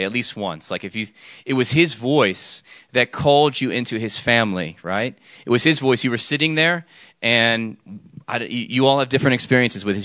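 A man's voice: mid-range voice, bright, forceful tone, no room sound, clean studio sound. A man preaching an informal sermon, talking with the audience, checking in with "okay?" often and restarting his sentences. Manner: chatty, frequent "okay?" and restarts, jokes with audience.

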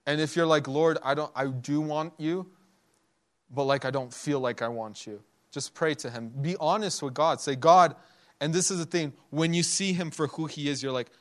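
A man's voice: on the high side, moderate pace. A young man preaching a sermon in a conversational way, laughing often and acting out the people in his stories. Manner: conversational, laughs often, acts out quotes in the story.

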